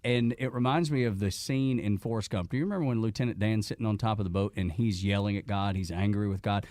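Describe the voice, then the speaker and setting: A man's voice: on the low side, fast talker, a little mellow, no echo. A man hosting an interview podcast, friendly and affirming, who responds to his guest with encouragement. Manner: friendly, affirming, jokes, backchannels. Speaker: podcast host. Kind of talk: casual interview chat.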